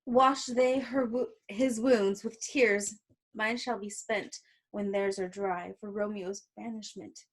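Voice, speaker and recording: A woman reading the part of a grieving young bride from a play aloud, slowly and earnestly. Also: mid-range voice, steady tone. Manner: slow, deliberate, earnest line reading. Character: young female lover, grieving and distraught.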